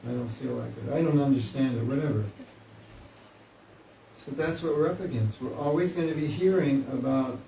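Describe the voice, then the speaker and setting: Man, spiritual teacher, casual joking class talk, dark tone, recorded from afar in a roomy hall, faint hiss. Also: medium pitch, moderate pace, vocal fry, distant mic. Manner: conversational, joking, acts out inner voices. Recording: echoey room, mic from afar, faint hiss.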